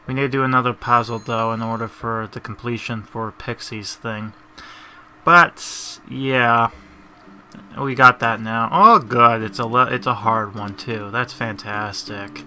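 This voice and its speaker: A man's voice: mid-range voice, pushed and bright. A man hosting a casual let's-play, rambling and making sarcastic asides at the game's story. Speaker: gaming channel host.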